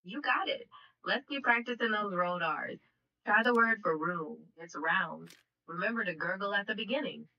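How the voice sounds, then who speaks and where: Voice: mid-range voice, moderate pace, highs cut off. Upbeat AI tutor voice, distant. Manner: upbeat, encouraging, patient teacher. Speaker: AI voice assistant co-host. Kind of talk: language tutoring chat.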